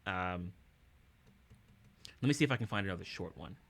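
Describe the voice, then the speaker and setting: A man's voice: sits low, expressive, normal speed, fairly bright tone. A man hosting a casual livestream, upbeat and chatty with his viewers, chuckling often. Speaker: streamer and musician.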